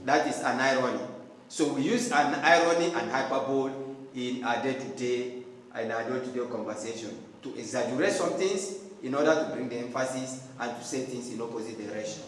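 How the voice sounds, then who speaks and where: A man's voice: medium pitch, fairly quick, fairly bright tone, slight background noise. A man teaching a lesson in an emphatic way, often repeating his phrases. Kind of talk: classroom lecture. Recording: echoey hall, distant mic.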